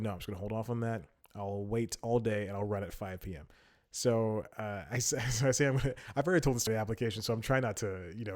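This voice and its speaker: Rambling, giggly male podcast host. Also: mid-range voice. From Atlanta, United States. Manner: rambling storyteller, laughs often mid-sentence; animated when acting out quotes. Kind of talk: solo comedy podcast monologue.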